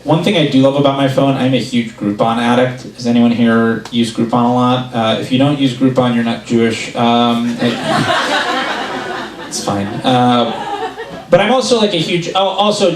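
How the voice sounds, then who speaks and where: Man doing stand-up in an echoey club. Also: medium pitch. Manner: animated storytelling, acts out quotes. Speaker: stand-up comedian. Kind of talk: stand-up comedy set. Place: club stage before a laughing audience. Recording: roomy live club recording, mic at a distance.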